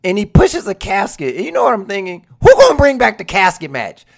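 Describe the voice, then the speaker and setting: A speaker giving a casual countdown of wrestling moments, excitable, laughing and acting out scenes in quoted voices. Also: mid-range voice, a little fast, creaky. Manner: laughs while telling. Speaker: wrestling commentator.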